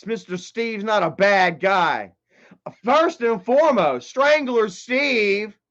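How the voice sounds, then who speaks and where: High-voiced man, loud then muttering, profane livestream host, dull lo-fi audio. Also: takes it slowly. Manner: excitable, profane, swings from loud outbursts to mutters. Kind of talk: casual livestream commentary.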